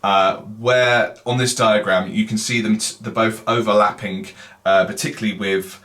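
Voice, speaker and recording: A man's voice: on the low side, fairly even intonation, normal speed, fairly bright tone. A man teaching singing in a casual lesson, explaining with sung examples.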